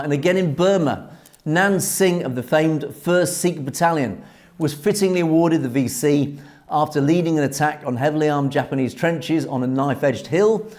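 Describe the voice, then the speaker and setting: A man hosts a commentary show, recounting wartime history in a sincere, deliberate way. His voice sits a little high for a man, and he often pauses and restarts as he goes. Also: a little mellow. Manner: earnest, measured storytelling with frequent hesitations. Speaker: news commentary host.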